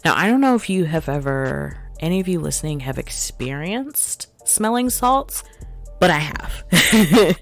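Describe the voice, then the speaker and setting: Animated young woman chatting with laughs. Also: very deep voice. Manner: animated storyteller, laughs often, acts out quotes. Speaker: podcast host reviewing a movie. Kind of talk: casual chat.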